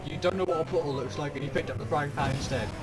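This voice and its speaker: A man's voice: on the high side, fast talker, music in the background. Teasing, sarcastic young-sounding man. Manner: teasing, dramatic storytelling with sarcasm. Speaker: gaming channel co-host. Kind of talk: casual gaming chat.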